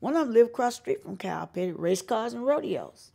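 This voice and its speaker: A woman's voice: a little high, brisk, gravelly. An older woman from North Carolina, telling stories in an interview and acting out the voices of the people she quotes. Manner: animated storyteller who acts out quoted voices. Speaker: singer and showcase organizer. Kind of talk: storytelling interview.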